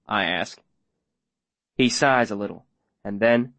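A man's voice: fairly low pitch, normal speed, a bit bright, dry recording. A man narrating an audiobook in the first person, with plain, tense storytelling.

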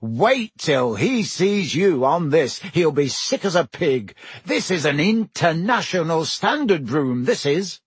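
A man voicing an eager, excitable teenage boy wizard in a read-aloud story. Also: on the high side, takes it slowly, hardly any pauses, slightly rough, no room sound, heavily acted. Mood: excited. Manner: eager, blurting.

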